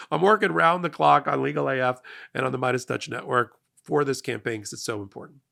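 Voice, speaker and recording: Middle-aged male host, gravelly and bright-toned, emphatic and energetic political commentary. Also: mid-range voice, a little fast. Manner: emphatic, energetic, rising to loud peaks. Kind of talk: passionate political monologue.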